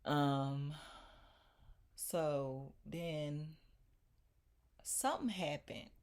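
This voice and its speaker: A young adult woman telling viewers a personal story in a casual, animated and emphatic way, talking straight to them. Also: low voice, very slow. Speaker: vlogger.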